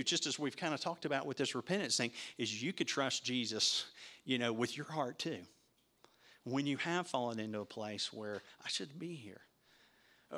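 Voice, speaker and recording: A man's voice: medium pitch, fairly bright tone. Conversational preacher man questioning the congregation. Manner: conversational, asks the audience questions; repeats words when starting sentences. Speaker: pastor. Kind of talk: interactive sermon teaching.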